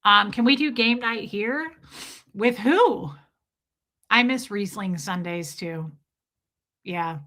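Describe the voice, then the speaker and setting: A woman hosting a livestream chats casually with viewers, telling stories freely and laughing and swearing as she goes. Her medium-pitched voice is bright and forceful, delivered at a slow pace with long pauses.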